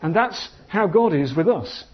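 A man preaching a sermon in an animated, conversational storytelling manner. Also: high-pitched, measured pace, breathy edge. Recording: dull lo-fi sound.

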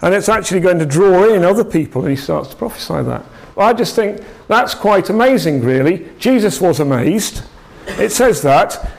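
A man's voice: high voice, lively intonation, moderate pace, vocal fry, a little mellow. Chatty man preaching a casual sermon. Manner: conversational, rambling, with frequent restarts and asides. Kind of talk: informal sermon.

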